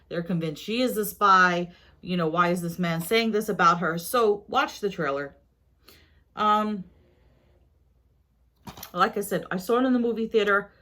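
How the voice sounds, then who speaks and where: A woman's voice: on the low side, bright, forceful tone. A woman vlogger chatting casually to her viewers about her shopping haul, rambling with asides and questions to them.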